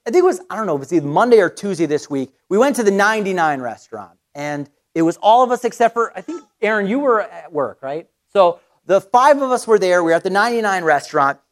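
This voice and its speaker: This is a middle-aged pastor preaching with conversational energy. He tells a story from his own life, quickly starting lines over, and his pitch runs high.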